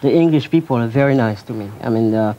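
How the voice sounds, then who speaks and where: A man from France, a jazz pianist guest in a casual TV interview, joking playfully and pausing on fillers. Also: medium pitch, dark tone. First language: French. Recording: dull lo-fi 1990s TV recording.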